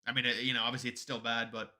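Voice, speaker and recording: Bright-voiced man rambling on a live stream. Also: mid-range voice, level tone, racing. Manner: rambling, sarcastic, many restarts. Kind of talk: casual political commentary stream.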